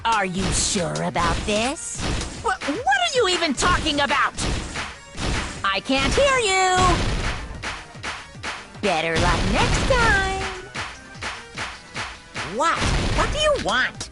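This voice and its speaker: A very high, wildly swooping voice belonging to a gleeful, cruel bear mascot. He drags out his mocking sing-song taunts at an unhurried pace. Loud game music runs underneath the whole time. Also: wildly swooping pitch, heavily acted. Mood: taunting. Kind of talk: video game voice acting.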